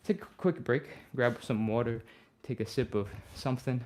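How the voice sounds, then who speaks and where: A man coaching a live flexibility session, breezy and encouraging as he explains each move. Audible sighs and breaths slip in between his steady, everyday instructions. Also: mid-range voice, moderate pace. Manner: relaxed, upbeat, talks through each move. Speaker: fitness instructor.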